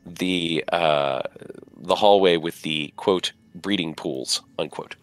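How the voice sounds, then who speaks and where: A man's voice: low voice, slow, soft background music. A man narrating a tabletop game as game master, rambling along with many fillers and asides.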